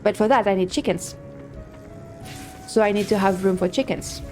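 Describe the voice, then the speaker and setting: A woman with a medium-pitched, somewhat dark voice chats casually at a moderate pace while live-streaming a game, with faint music in the background. She thinks out loud and rambles, full of fillers and restarts.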